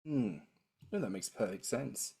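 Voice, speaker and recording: A man's voice: medium pitch, expressive, measured pace, creaky, mellow, husky. A man with an Australian accent, co-hosting a podcast in a chatty, affectionate way. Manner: chatty, affectionate, trying out phrases. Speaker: podcast co-host. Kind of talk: casual chat.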